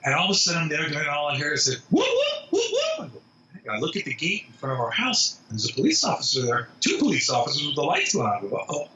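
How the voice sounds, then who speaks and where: Animated male storyteller on distant, roomy audio. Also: a little high, fast. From New York. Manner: animated anecdote-teller who acts out quotes. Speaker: zoo spokesman, guest. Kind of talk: storytelling in a podcast interview. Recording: dull, distant, roomy remote audio with faint hiss.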